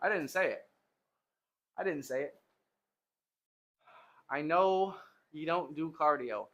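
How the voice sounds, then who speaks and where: A man's voice: a little high, measured pace, pauses often, a bit bright. A man livestreaming from his home gym, tired and winded from lifting, rambling and joking with his chat between sets.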